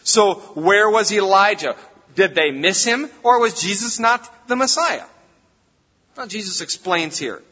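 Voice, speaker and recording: A man's voice: high voice, lively intonation, measured pace, pushed and bright. A man preaching a sermon as pastor, in a conversational, folksy way, recorded in a church hall. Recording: reverberant hall, dull lo-fi sound.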